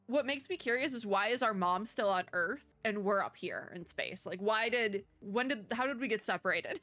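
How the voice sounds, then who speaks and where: A woman's voice: animated, a bit bright. Chatty woman streamer reading game text. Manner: chatty and curious, laughs often, thinks aloud with quick pitch jumps. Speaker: streamer playing a story game. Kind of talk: casual gameplay commentary, reading on-screen text aloud.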